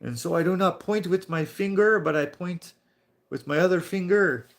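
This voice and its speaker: An earnest French-Canadian guy , as put on by a man with a thick Quebec French accent, explaining things patiently in broken English. His voice sits noticeably higher than the teller's own, with a gravelly edge. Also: moderate pace. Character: cheerful French-Canadian male coworker, earnest.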